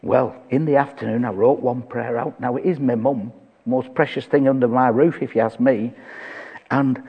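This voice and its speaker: A man's voice: mid-range voice, steady tone, moderate pace, creaky, breathy edge. An older man, preaching a sermon and telling stories with quoted dialogue. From England. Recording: dull echoey hall.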